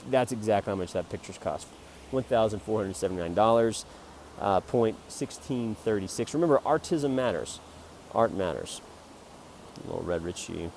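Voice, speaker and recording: Rambling, mock-grandiose man, faint noise. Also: fairly low pitch. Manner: jokey, rambling, mock-grandiose, swings between loud bursts and mutters. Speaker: amateur photographer selling prints. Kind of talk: rambling self-promoting monologue.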